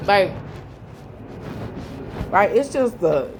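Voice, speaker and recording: A woman's voice: big pitch swings, slow pace, long pauses, background noise. Young woman speaking. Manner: heartfelt, repetitive, voice dropping low and quiet toward the end. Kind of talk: emotional personal testimony.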